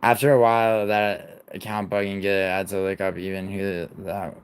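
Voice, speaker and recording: A man's voice: sits low, little pitch movement, moderate pace, slight background noise. A man in his twenties hosting a livestream, rambling casually and profanely while he answers his chat and apologizes to moderators. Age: 20s. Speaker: livestream host.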